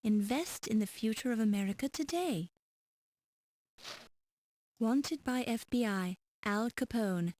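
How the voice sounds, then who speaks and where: A woman's voice: on the high side, animated, unhurried, pauses often, mellow, no room sound. A woman reading scripted narration and notices for a 1990s adventure game. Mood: calm.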